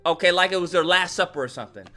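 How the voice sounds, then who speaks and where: A man ranting comically about a movie as a YouTube host, slangy and animated, acting out scenes. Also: high-pitched, rapid-fire. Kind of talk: comedic movie rant.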